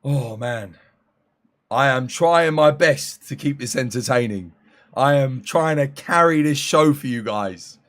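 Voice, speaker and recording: A man's voice: medium pitch, expressive, fairly bright tone. Worn-out man streaming late. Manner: weary and drawn-out, joking, thanking viewers by name. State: tired, voice going after eighteen hours. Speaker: live streamer. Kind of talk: casual live-stream chat with viewers.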